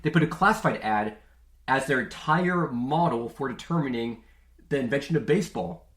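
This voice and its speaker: A man's voice: medium pitch, lively intonation, moderate pace, fairly bright tone. A male podcast host talking in a casual, jokey monologue, with a mid-range voice. He is chatty and leans on filler words. The recording rings in an echoey room.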